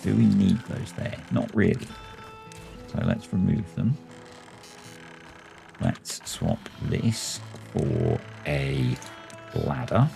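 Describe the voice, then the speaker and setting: A man's voice: low voice, huge pitch swings, slow pace, creaky, pauses often, dark tone, faint music behind. A man hosting a game playthrough, musing aloud and talking himself through each choice as he plays. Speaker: let's play host. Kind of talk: thinking aloud while playing a city-building game.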